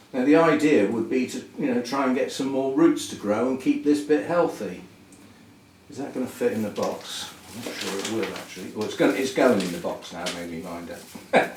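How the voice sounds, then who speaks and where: A man, hosting a chatty orchid video, thinking aloud with little chuckles as he packs and repots plants. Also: lowish voice. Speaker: orchid channel host. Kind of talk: casual chat while packing and repotting plants. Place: indoor room, working with plants. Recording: roomy, somewhat distant, faint noise.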